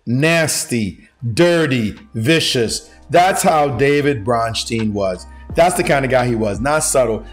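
A chess grandmaster giving an animated chess lesson, excitable and slangy, with frequent exclamations. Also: male voice, medium pitch.

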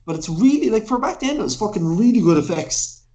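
A man's voice: high-pitched, expressive, brisk, dark tone, poor audio. A man co-hosting a casual film podcast, telling rambling, sweary stories and laughing along. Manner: rambling, sweary storytelling, laughs at his own tales. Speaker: podcast co-host. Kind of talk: casual film review chat.

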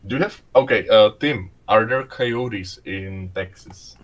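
A man's voice: lowish voice, measured pace, poor audio. A man whose first language is Czech, chatting casually and playfully, often laughing and restarting his sentences. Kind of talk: casual chat.

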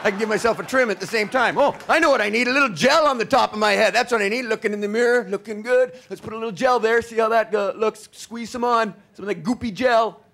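A man's voice: high voice, quick pace, hardly any pauses, a bit bright. A man improvising a dim, cheerful garbage man who fusses over his hair, narrating his morning in a bumbling, chatty way. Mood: goofy. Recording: live stage with faint crowd and noise.

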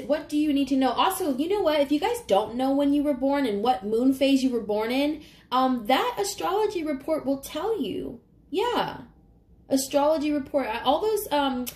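A woman's voice: on the high side, darkish tone, roomy sound. A woman giving a casual, emotional tarot reading to camera, choked up and swearing casually. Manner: chatty, emotional, swears casually, keeps saying "you guys". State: choked up, near tears. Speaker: tarot reader.

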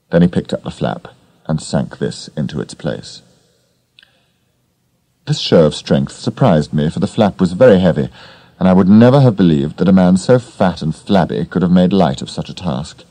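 A man narrating a story with a very deep, gravelly voice. His tone is dark and mellow, and the delivery is measured and steady. The recording is dry and close. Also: no room sound. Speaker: audiobook narrator. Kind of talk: scripted narration.

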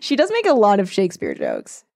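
A woman co-hosting a podcast in casual chat, animated and rambling, laughing and driving her points home. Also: medium pitch, brisk. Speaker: podcast co-host.

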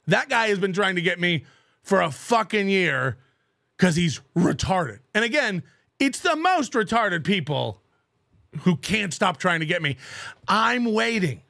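A livestream host rants in a high, gravelly, bright and pushed voice, mocking his critics, cursing liberally and laughing between jabs. The recording is dry and close.

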